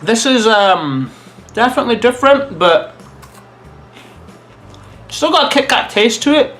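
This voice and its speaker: Lively man chatting through a taste test. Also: extremely high pitch, unhurried, faint music behind. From Scotland. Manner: chatty and animated, muses aloud while eating. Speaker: vlogger. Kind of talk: casual taste-test review.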